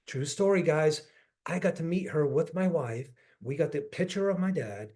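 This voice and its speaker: A man's voice: a little high, animated, normal speed, darkish tone. A man telling a heartfelt story on a video group call as a real estate coach, earnest, often repeating himself and restarting sentences. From northeastern US.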